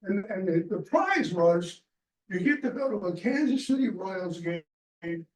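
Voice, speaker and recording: A man's voice: high voice, darkish tone. A man telling a rambling sports anecdote to a small group at a club meeting, quoting the people in it. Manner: rambling, quotes people in a retold dialogue. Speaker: chapter member telling a story. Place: restaurant meeting room. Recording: roomy, from a distant mic.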